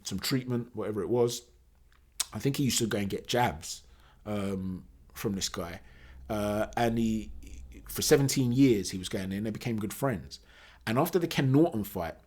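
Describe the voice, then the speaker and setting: Guy rambling about boxing on his channel, kinda husky, lots of ums and self-corrections. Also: medium pitch. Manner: animated, conversational, with fillers and self-corrections. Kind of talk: casual monologue commentary.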